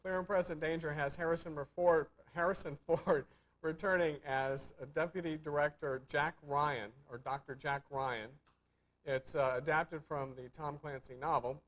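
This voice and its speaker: A man co-hosting a live local TV film review show, teasing his partner and pausing often with fillers. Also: a little high, fairly even intonation, fairly bright tone, low-quality recording. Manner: dry, teasing, hesitant with many fillers. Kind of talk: casual live TV chat.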